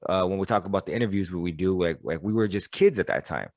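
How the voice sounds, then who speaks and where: A man's voice: deep voice, quick pace, darkish tone, no room sound, clean studio sound. A man hosting a podcast, talking candidly and bluntly with lots of cursing and stammered restarts. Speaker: podcast host. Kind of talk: casual interview conversation.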